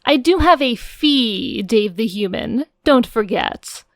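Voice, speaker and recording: A woman's voice: fairly high pitch, expressive, takes it slowly, dry recording, studio quality. A woman voicing a sly, mischievous young troll who offers to be a lawyer in a fan audio drama, speaking in a smug, teasing way.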